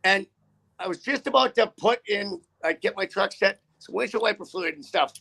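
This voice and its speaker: Blunt profane trucker, high gravelly voice. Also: male voice, expressive, normal speed, sharp tone. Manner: blunt, profane, rambling with restarts. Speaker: truck driver. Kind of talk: casual on-camera chat.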